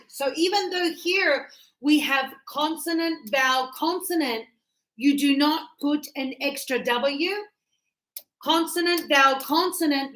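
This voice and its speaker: A woman teaching an English spelling lesson, slowly repeating words and stressing syllables. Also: high voice, a bit bright, reverberant, low-quality recording. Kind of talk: grammar lesson.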